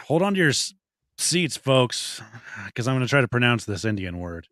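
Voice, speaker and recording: A man's voice: mid-range voice, very animated, moderate pace, fairly bright tone, no echo, studio quality. A man hosting a casual movie podcast, reading out nominees and leading the talk. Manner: leads the segment, reads out nominees. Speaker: podcast host. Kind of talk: casual chat.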